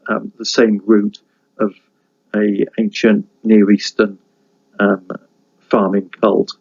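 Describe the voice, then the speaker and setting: A man giving a university lecture, halting with many fillers and restarts, stopping now and then to read a folk tale aloud. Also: on the low side, little pitch movement, vocal fry, darkish tone, slightly rough, lo-fi sound. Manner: reads folk tale aloud between comments.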